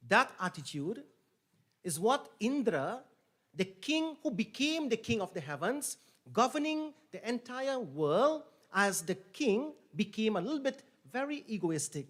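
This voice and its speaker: High-voiced man preaching. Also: big pitch swings. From Trinidad and Tobago. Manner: storytelling, repeats phrases for emphasis, swells louder and slows on key points. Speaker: pundit officiating a yagna. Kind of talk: sermon.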